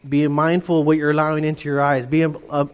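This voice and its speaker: A middle-aged man preaching a lively sermon to his congregation, animated and playful, often mimicking voices. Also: fairly high pitch, fairly quick, smooth, muffled recording. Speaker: pastor.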